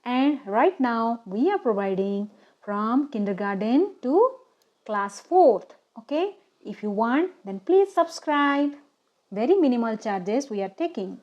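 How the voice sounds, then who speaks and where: Woman teacher for a kids' phonics lesson: unhurried, checks in often, slightly muffled recording. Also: on the high side, very animated. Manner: slow, deliberate, often asks "okay?".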